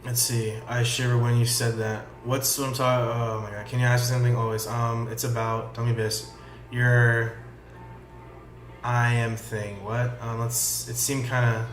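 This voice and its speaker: A man's voice: mid-range voice, normal speed. A man casually reading a chat log aloud and giving sarcastic, profane comments on it. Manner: sarcastic, swears, reads lines flatly. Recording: echoey room with faint music.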